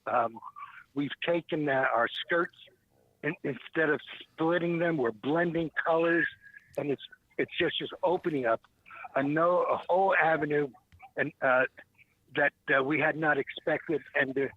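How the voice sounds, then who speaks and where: A man, a guest who makes fishing lures, talking on a radio show in a rambling way with many pauses and restarts. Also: on the high side, no echo. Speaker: guest, small lure maker. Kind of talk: radio talk show call-in chat. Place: calling in by phone. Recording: tinny phone line.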